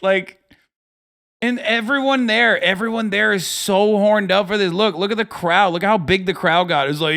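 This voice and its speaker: Streamer in his thirties, reacting with profanity and exasperation; higher-pitched voice. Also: moderate pace, vocal fry, bright, forceful tone. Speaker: livestream host. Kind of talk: reaction commentary.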